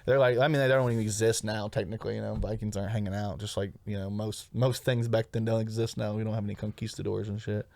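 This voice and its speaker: A man's voice: lowish voice, flat delivery, quick pace, vocal fry, hardly any pauses, darkish tone, dry recording. A man co-hosting a comedy podcast in casual, rambling chat, swearing freely and laughing often. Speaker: podcast co-host.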